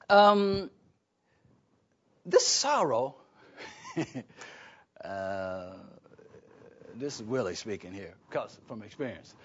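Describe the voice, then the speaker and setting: Man, sermon, slightly high voice, emphatic, questioning the congregation, dull lo-fi sound. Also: wildly swooping pitch, takes it slowly, pauses often, breathy edge. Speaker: preacher. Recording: dull lo-fi recording.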